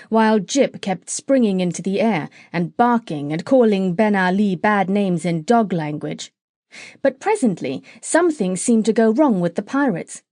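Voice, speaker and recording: Woman reading a kids audiobook, clear steady voice, mid pitch, dry close sound. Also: dry recording. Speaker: audiobook narrator. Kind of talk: storybook narration.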